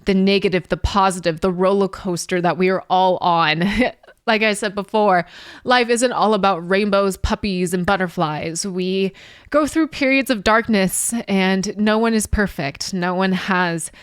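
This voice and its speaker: A woman giving heartfelt reaction commentary on a song, tearful and emotional, halting with small laughs and sighs. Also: mid-range voice, smooth, no echo, studio quality. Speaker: music reaction YouTuber.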